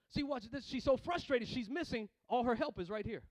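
High-voiced male pastor preaching. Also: very animated, fast talker, few pauses, no echo, rough recording. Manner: preaching with rising fervor, repeating phrases. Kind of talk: sermon.

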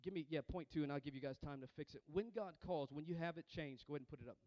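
A man's voice: fairly high pitch, racing, warm tone, dry recording. A man preaching a sermon as pastor, calling for responses from the congregation and often repeating words and restarting lines as he goes.

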